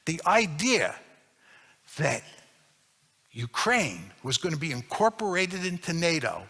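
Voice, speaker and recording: A man's voice: fairly high pitch, sing-song, takes it slowly, gravelly, sharp tone, slightly rough, big-room sound. A man giving a public lecture, arguing his points emphatically and repeating key phrases for stress.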